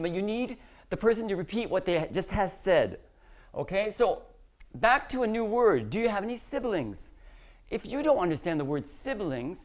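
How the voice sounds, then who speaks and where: A woman teaching English to a class, acting out little dialogues with lots of emphasis. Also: mid-range voice. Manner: animated, emphatic, acts out dialogues. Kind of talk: classroom lesson.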